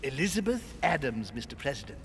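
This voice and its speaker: An actor playing a courteous aristocratic manor host in a video game, speaking politely and smoothly. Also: male voice, medium pitch, very animated, fairly quick, a little hiss or hum.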